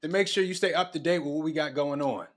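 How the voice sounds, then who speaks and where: A man's voice: a little high, fast. A man co-hosting a talk show, playful and enthusiastic in casual banter. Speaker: co-host.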